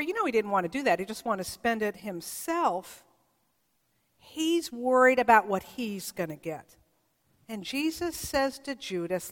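A woman pastor delivers her sermon in a fairly high voice, earnest and warmly storytelling as she quotes the people in her stories. Her words ring out with a long reverb, as if carried through a church sanctuary. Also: lively intonation, a little slow.

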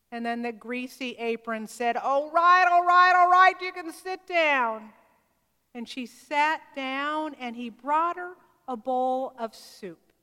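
A woman's voice: fairly high pitch, fairly bright tone. A woman preacher telling a story in a sermon, acting out the dialogue as she goes. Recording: long hall reverb.

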